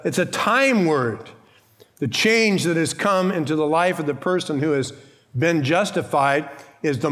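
A man's voice: on the high side, fairly bright tone. A man who is a pastor, preaching a sermon in a church with an emphatic, conversational style, rhetorical questions and bits of humor.

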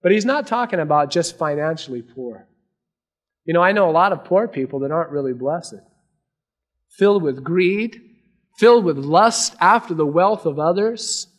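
A man preaching a sermon to a congregation, earnest, swinging between raised emphasis and hushed, quiet lines. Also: a little high, animated, moderate pace. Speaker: pastor.

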